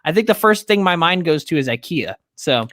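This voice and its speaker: A man's voice: on the high side, sing-song, brisk, pushed and bright. A young man co-hosting a casual podcast, chatting and laughing easily while ranking party foods. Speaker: podcast co-host.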